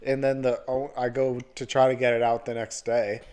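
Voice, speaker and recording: A man's voice: mid-range voice, level tone, moderate pace, a little mellow, clear, resonant tone. A young man co-hosting a podcast, giving short, dry answers in casual chat. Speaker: podcast co-host.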